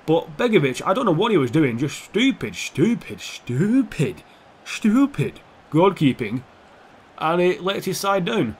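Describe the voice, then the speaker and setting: Sweary young man commenting a game. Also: fairly high pitch. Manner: sweary, sarcastic, talks to the players on screen. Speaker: gaming YouTuber. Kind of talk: casual gameplay commentary.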